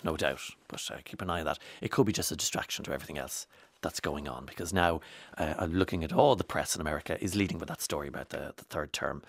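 Male presenter, lowish voice, dry studio, rambling news commentary. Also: a bit bright, no room sound. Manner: chatty, digressive, many fillers. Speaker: radio presenter.

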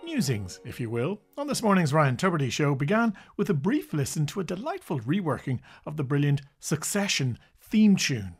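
A man reads wry, quippy links between segments. His voice sits a little high and swoops up and down with lively intonation. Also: normal speed, creaky, hardly any pauses, breathy edge, soft background music. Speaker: podcast presenter. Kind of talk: scripted links.

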